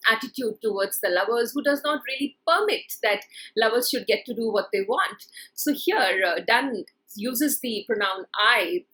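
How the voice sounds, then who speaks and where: A woman lecturing on a poem, paraphrasing its lines in plain speech with frequent pauses and fillers. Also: on the high side, a bit bright, poor audio. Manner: frequent fillers and restarts while explaining. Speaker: literature lecturer. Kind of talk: explanatory poetry lecture.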